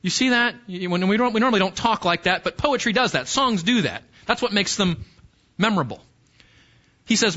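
Man, pastor, sermon, high voice, earnest teaching, slightly muffled recording. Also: lively intonation, a little fast, bright, forceful tone. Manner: earnest, explanatory preaching with rhetorical questions.

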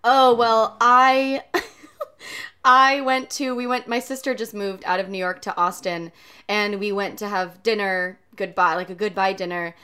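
A woman's voice: mid-range voice, steady tone, a little slow, pushed and bright, clean tone. A young woman co-hosting a casual chat, telling stories and laughing often. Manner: chatty storyteller, laughs often.

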